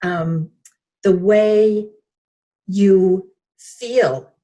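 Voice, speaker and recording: A woman's voice: medium pitch, steady tone, extremely slow, warm tone. A woman guest in a conversational interview, reflective and hesitant, with frequent fillers.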